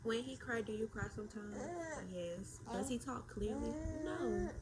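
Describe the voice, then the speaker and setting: A woman's voice: on the high side, a little slow, background noise. A young mother chatting on a phone livestream, talking to her baby in a playful sing-song and repeating words.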